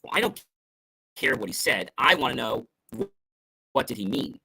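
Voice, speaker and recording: Middle-aged guy doing a motivational show, crisp bright tone, emphatic and salesy, mid pitch. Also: sing-song, moderate pace. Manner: emphatic, varies stress and tone to demonstrate meaning; salesy, upbeat sign-off pitch. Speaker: host. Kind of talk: motivational talk.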